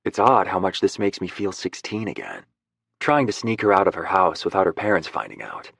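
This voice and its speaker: Male audiobook narrator, low voice, wry and easygoing, dry close read. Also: very animated, a little fast, gravelly, fairly bright tone, slightly rough, no room sound. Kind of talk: first-person romance narration.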